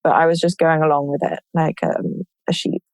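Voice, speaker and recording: A woman guest telling her own story in an open, animated way, with many "like" fillers. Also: sits low, a little fast, no echo, rough recording. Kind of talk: personal storytelling in a conversation.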